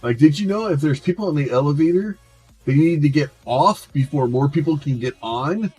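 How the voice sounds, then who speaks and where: A man's voice: fairly high pitch, expressive, normal speed, warm tone, husky, soft background music. A man streaming a game, chatting casually and rambling, often restarting his words. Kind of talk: casual chat while gaming.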